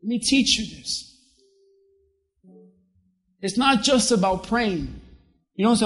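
Preacher going slow n emphatic, drags out the big words, soft music under it. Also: mid-range voice, expressive. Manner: emphatic preaching, slows down to stress key words. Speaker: pastor. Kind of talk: sermon.

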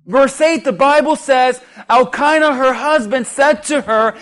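A male pastor preaching a sermon in a lively way, mixing humor with calls to the congregation. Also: very high voice, a little slow, few pauses.

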